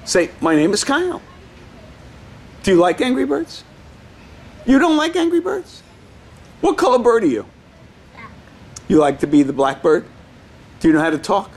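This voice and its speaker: A male karate instructor coaching children in class, playful and teasing, bursting into excited shouts, in an indoor studio. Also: high voice, normal speed, pauses often.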